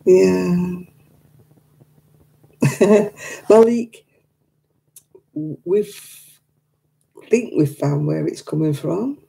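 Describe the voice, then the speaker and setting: Gravelly-voiced woman chatting to live viewers. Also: fairly low pitch, animated, drawn-out words, pauses often, dark tone, rough recording. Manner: chatty, reads and answers viewer comments; emotional about her late dog. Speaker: craft livestream host. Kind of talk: casual chat with live viewers.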